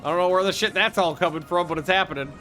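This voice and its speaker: A man narrating his strategy game session in a bright, forceful voice that sits a little high. He gets excitable, swears freely and thinks aloud in restarts and half-finished sentences, with faint music playing underneath. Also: very fast. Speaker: gaming video host. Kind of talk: casual strategy game commentary.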